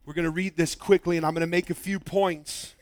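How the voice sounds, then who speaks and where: A man preaching a sermon, swinging between loud emphatic lines and hushed ones. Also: on the high side, steady tone, a little fast, dry recording. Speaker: pastor.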